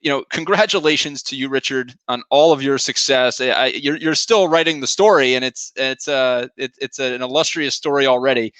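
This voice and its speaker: A man hosting an interview podcast, thanking his guest in a halting way with many repeated words. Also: mid-range voice, a bit bright, smooth, dry recording. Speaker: podcast host. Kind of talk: interview wrap-up.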